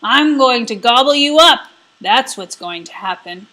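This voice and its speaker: A woman voicing a greedy male troll who shouts and gloats in a storybook reading. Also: mid-range voice, measured pace. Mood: greedy shouting.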